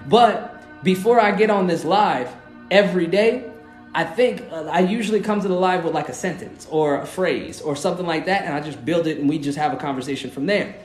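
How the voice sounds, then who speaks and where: Earnest, rambling male live-stream host with a high voice, heard in a roomy echo with faint music behind. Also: fairly quick. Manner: loose, rambling, often asks "you know what I mean"; earnest, encouraging. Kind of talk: casual live-stream talk.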